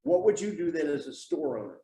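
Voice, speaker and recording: A man's voice: a little high, very animated, a little fast, dark tone, recorded from a distance. A man coaching real estate agents at a live training seminar, asking blunt, pushy questions. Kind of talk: live training seminar, running role-plays. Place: training room with a group. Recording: echoey room, voice from afar.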